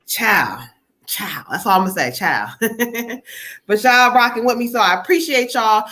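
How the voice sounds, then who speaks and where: Chatty bright-voiced woman giving readings. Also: a little high, animated, measured pace. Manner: chatty, laughs often, relays spirit messages. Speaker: psychic reader hosting a live stream. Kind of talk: live tarot reading.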